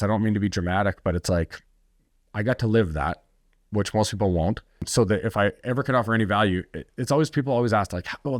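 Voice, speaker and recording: The voice is on the low side, recorded at studio quality with no echo. It belongs to a middle-aged entrepreneur telling his story on a podcast interview, blunt and intense, swearing liberally and acting out the things others said to him.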